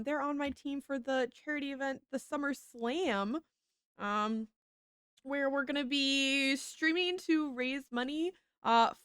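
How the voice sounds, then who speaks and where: Chatty high-voiced woman streamer. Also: fairly bright tone, smooth, dry recording, clean studio sound. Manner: chatty, rambling, quick to apologize. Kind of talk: casual gameplay commentary.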